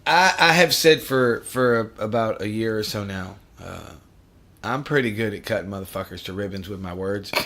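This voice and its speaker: A man hosting a podcast in casual chat, relaxed, teasing and profane. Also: fairly low pitch, moderate pace. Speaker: podcast host.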